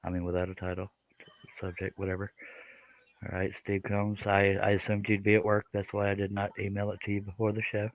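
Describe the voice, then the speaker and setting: Low-voiced man hosting a casual stream. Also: completely flat delivery, fairly quick. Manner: rambling, joking, talks to chat and guests. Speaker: live stream host. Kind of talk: casual live-stream chat while working.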